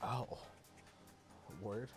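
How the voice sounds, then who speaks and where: A man's voice: drawn-out words, music in the background. A young man in a casual, crude chat, swearing freely and laughing often as he tells stories.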